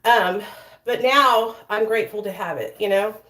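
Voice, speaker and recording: A woman's voice: medium pitch, normal speed, noisy background. Emotional rambling woman vlogger. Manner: emotional, rambling, many fillers and "you know". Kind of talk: emotional casual talk to viewers.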